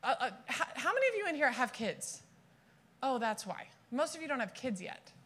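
Southern woman, conference speaker, sermon style, animated storyteller with a bright, sharp tone. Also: sits high, normal speed. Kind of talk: sermon with personal stories.

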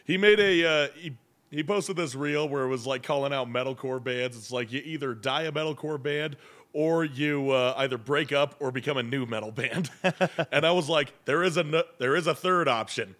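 Rambling and filler-heavy, a man co-hosts a podcast in casual conversation. His mid-range voice is fairly bright and moves at a normal speed.

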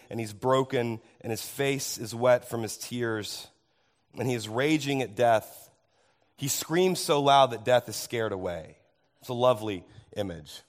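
Hoarse male pastor preaching animatedly. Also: mid-range voice. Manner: animated, asks the congregation questions. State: hoarse, tired voice. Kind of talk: sermon.

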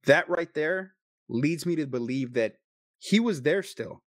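A man's voice: on the high side, animated, dry recording, studio quality. A man telling a personal story in a casual, emotional and profane way, sometimes choked up. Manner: emotional, profane, quick bursts.

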